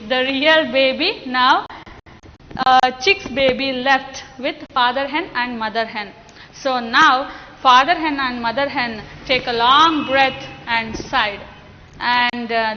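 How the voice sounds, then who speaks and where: A woman teacher with an Indian English accent, slowly explaining a lesson to children and coaxing the class with questions. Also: high-pitched, a little hiss or hum. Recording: dull lo-fi sound with long echo.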